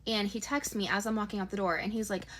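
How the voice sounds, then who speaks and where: A woman's voice: medium pitch, fairly even intonation, fast, fairly bright tone, a little hiss or hum. A young woman casually telling a dating story, chatty and exasperated, peppering her talk with "like". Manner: chatty, exasperated retelling with lots of "like".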